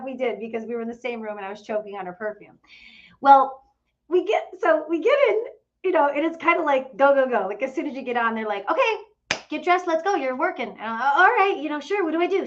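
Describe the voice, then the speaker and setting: Chatty woman telling a story, lo-fi. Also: high voice. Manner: chatty, lots of fillers and quoted dialogue, frequent laughs. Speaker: host of a travel group channel. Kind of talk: casual storytelling to followers.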